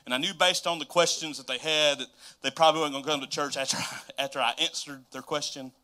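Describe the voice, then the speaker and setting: A man preaching a casual, emotional sermon in a church, swinging from loud exclamations to soft asides. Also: on the high side, steady tone, quick pace. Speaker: pastor. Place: church sanctuary.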